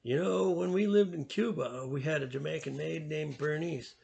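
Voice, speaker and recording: A man's voice: a little high, moderate pace, vocal fry, darkish tone. A man voicing a gracious, curious middle-aged mother in a read-aloud storybook.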